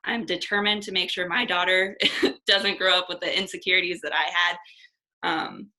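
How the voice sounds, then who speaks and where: Twenty-something woman on a video call, bright clear voice, blunt and chatty, swears a bit. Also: on the low side, steady tone, moderate pace, poor audio. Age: 20s. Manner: candid, chatty, swears casually. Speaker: guest coach. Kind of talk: casual video call chat.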